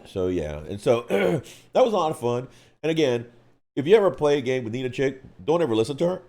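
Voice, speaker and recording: A man co-hosting a live stream, telling a gaming story in an animated way, acting out voices and screams. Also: medium pitch, a little fast, creaky. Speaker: co-host of a hobby live stream.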